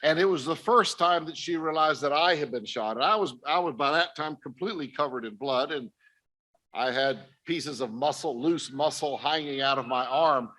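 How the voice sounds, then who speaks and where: A man's voice: on the high side, moderate pace, fairly bright tone. An older man giving an earnest personal testimony talk to a conference audience, speaking directly to his listeners. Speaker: missionary speaker. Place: conference stage.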